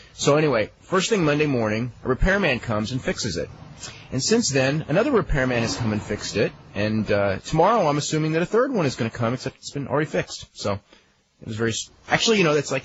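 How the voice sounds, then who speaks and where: A man's voice: medium pitch, sing-song, fast. A man hosting a talk radio show, chatting casually and telling rambling stories with chuckles. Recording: dull lo-fi archive radio with faint hiss.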